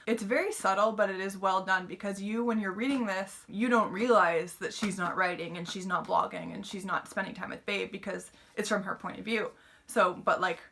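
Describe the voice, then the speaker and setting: A woman's voice: mid-range voice, fairly even intonation, normal speed, vocal fry, a bit bright. A woman giving a casual, chatty book review, retelling the plot with lots of "like" and fillers.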